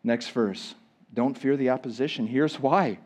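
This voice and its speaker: A male pastor preaching a sermon to a church congregation, swinging from loud emphatic lines to hushed ones. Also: medium pitch, a little slow. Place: church sanctuary.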